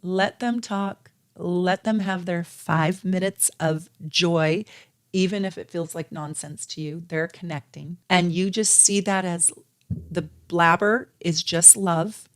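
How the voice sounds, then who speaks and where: A middle-aged woman astrologer giving casual spiritual advice to her viewers, earnest and animated, often repeating phrases for emphasis. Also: on the low side. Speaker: astrologer and tarot reader.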